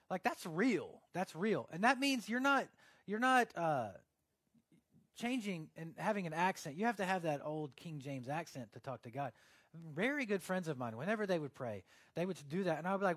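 Joking young pastor, bright voice. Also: male voice, high-pitched, animated, moderate pace, dry recording. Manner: conversational and joking, acting out little scenes. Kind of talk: casual sermon.

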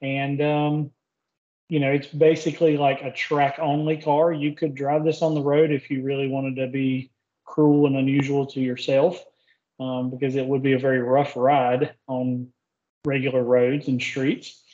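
Southern man, mid-pitch co-host, easygoing and jokey, dull lo-fi recording. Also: a little slow. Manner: relaxed, joking, with fillers. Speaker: podcast co-host. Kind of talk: casual chat. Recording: dull lo-fi sound.

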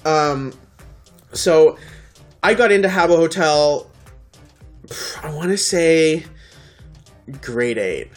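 A podcast co-host spinning a story in loose, casual chat. The delivery is animated and full of swearing, and slips into the voices of the people in the tale. The pitch sits in the middle, with faint music underneath. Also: slow, long pauses.

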